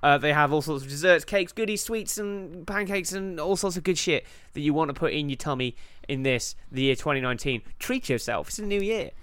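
A young man from England hosts a podcast in loose, sweary banter and laughs often. His voice sits a little high, with a bright, tense edge. The sound is dry and close to the mic. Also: expressive, a little fast, hardly any pauses, clear, resonant tone, dry recording. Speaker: podcast host.

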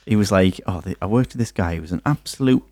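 A man's voice: low voice, fast, a little mellow, slight background noise. A man co-hosting a podcast, telling stories hesitantly with lots of ums. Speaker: podcast co-host. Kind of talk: casual chat.

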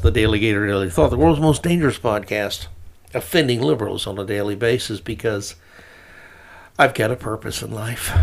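Male host, sarcastic opinion podcaster, mid-pitched voice. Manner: sarcastic, mocking.

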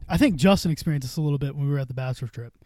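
A man's voice: on the high side, quick pace, darkish tone. A young man co-hosting a podcast, telling rambling, profane stories in casual chat and laughing often. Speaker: podcast co-host.

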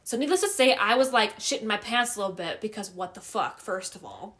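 A young woman tells a spooky story from her own basement in a loose, casual chat. She is animated and swears constantly, laughing as she goes. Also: medium pitch, brisk.

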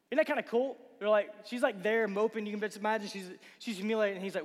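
A man preaching a casual youth sermon, asking the crowd rhetorical questions and acting out quick voices. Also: high-pitched. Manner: acts out voices of Bible figures and listeners. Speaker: youth pastor. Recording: long hall reverb.

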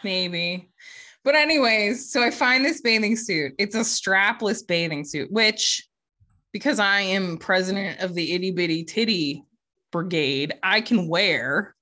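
Woman, forties, podcast co-host, casual chat, candid, swears freely, mid-range pitch. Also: unhurried, pushed and bright. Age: 40s. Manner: candid, profane storytelling with laughs.

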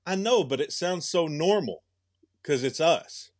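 A young man co-hosting a podcast speaks in a slightly high voice with lively intonation, taking an unhurried pace. He muses in a rambling way, frequently starting over, in casual chat recorded with clean studio sound and no room noise.

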